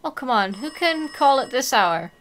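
A woman playing a horror game and commenting out loud, reading the text, swearing and reacting to scares. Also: high-pitched, very animated, moderate pace, slight background noise. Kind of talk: let's-play commentary.

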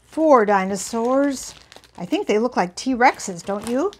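A woman hosting a children's bedtime song show, talking gently and playfully to young kids, with guitar behind her. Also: a little high, animated, takes it slowly. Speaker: children's singer and show host. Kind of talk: bedtime songs and chat for children.

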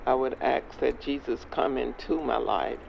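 A man playing a gravelly, slow street preacher. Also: mid-range voice, a crowd in the background. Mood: earnest. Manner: slow, solemn, leading a prayer line by line. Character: earnest male street preacher. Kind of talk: music video skit. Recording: dull lo-fi outdoor sound with faint noise.

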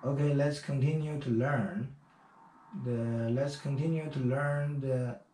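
A man with Chinese as his first language teaching English pronunciation, repeating words one at a time with drawn-out fillers. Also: mid-range voice, steady tone, warm tone, reverberant, slight background noise. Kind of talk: slow pronunciation drill lesson.

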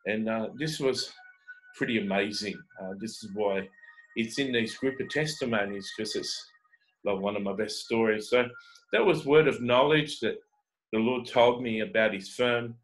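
Hesitant man with a lowish voice. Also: rough recording. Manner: halting, full of "uh" fillers and repeated words. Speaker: evangelist sharing testimonies. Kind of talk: casual testimony storytelling.

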